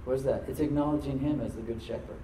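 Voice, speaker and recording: A man preaching a sermon as pastor, talking conversationally and dropping to soft, prayerful tones. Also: medium pitch, fairly even intonation, fast talker, background noise. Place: church sanctuary. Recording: roomy hall, mic at a distance.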